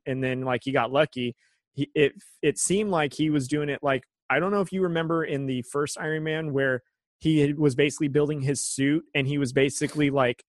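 A man in casual chat about movies, explaining his own reading of a scene in a measured way. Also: mid-range voice, dry recording, studio quality.

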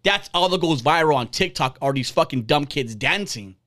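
A man's voice: on the high side, animated, moderate pace, fairly bright tone. Profane, heated man in his forties. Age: 40s. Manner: blunt, profane, heated ranting. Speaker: podcast host. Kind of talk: casual ranting podcast talk.

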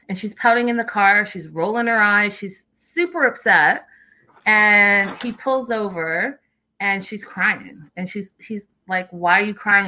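A woman's voice: medium pitch, bright, forceful tone, rough recording. A woman hosting a casual recap, chatty and opinionated, with lots of "like"s. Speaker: reality show recap host.

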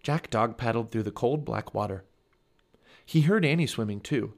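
A man's voice: mid-range voice, normal speed, vocal fry. A man reading a children's chapter book aloud for a family podcast, telling it expressively. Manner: expressive storytelling.

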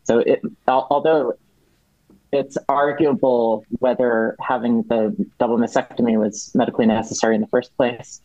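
A man on as a guest, explaining policy at length in a halting way, with many restarts and fillers. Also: mid-range voice, flat delivery, dark tone, dull audio. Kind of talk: explaining policy in a podcast chat.

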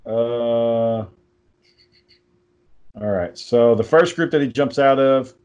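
A man's voice: mid-range voice, slow pace, darkish tone, smooth, highs cut off. A man co-hosting a podcast, talking in a rambling, profane, casual way and reading out text messages. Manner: profane, rambling, reads out texts. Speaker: podcast co-host.

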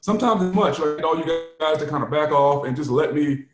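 A man in his forties talks sports casually, a former player turned host. He tells candid stories and acts out the people in them. His voice sits a little high and rings in a roomy space. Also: brisk, music in the background. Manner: candid storytelling, animated quotes.

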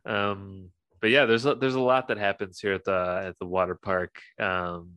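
A man's voice: sits low, flat delivery, moderate pace, bright, forceful tone, smooth, no echo. A man co-hosting a podcast, talking about a movie in a laid-back, agreeable way with many fillers. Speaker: podcast co-host. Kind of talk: casual movie chat.

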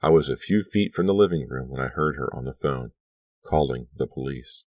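Super deep guy reading an audiobook, steady storytelling, dead dry sound. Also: normal speed, dry recording. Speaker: audiobook reader. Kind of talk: scripted first-person narration.

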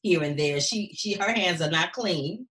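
Lady cohost chatting, kinda low voice, animated, acts out bits. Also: measured pace. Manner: animated, acts out characters' lines. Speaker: show co-host. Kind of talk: casual recap chat.

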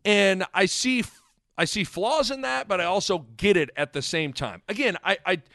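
A man's voice: high-pitched, normal speed, no room sound, clean studio sound. A man co-hosting a sports podcast, talking casually and rambling with many restarts. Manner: rambling, self-correcting, animated. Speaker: podcast co-host.

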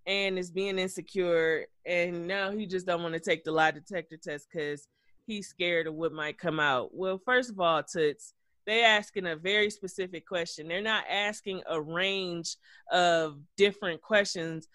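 A man co-hosting a podcast, recapping reality TV in an animated, gossipy way with plenty of cursing. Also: sits high, unhurried, no echo, studio quality. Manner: animated, gossipy, profane storytelling. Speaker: podcast co-host. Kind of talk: casual reality-TV recap chat.

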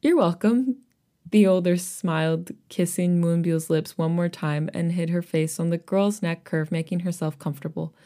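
A woman's voice: fairly low pitch, mellow. A woman co-hosting a podcast, reading a story aloud and chatting casually, with laughter breaking in between passages. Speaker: podcast co-host reading fan fiction aloud.

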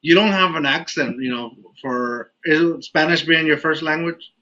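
Living in Texas, this podcast host laughs his way through a loose story, dropping "like" constantly. His fairly high voice is bright and forceful at a moderate pace, heard through a muffled lo-fi recording with a little background noise.

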